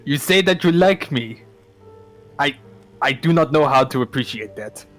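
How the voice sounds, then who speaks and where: A man's voice: medium pitch, lively intonation, moderate pace, fairly bright tone, faint music behind. A man chatting casually on a stream, teasing the others.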